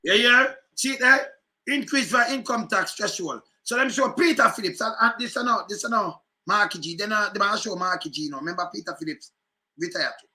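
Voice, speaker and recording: Animated high-pitched Jamaican man. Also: brisk, soft background music. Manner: animated patois commentary, repeats phrases. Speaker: political commentator. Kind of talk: casual commentary on news clips.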